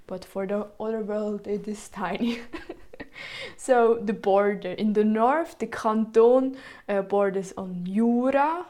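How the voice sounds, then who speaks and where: Young woman, Swiss German accent, unhurried delivery, hesitant with many ums, informal presentation. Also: medium pitch, a little mellow. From Switzerland.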